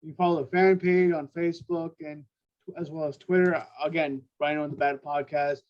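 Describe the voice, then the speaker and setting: A man with a fairly high voice co-hosting a casual sports podcast, heard through a dull, muffled lo-fi mic. He speaks hesitantly, restarting sentences and chiming in with brief agreements. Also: fairly even intonation, moderate pace. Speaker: podcast co-host.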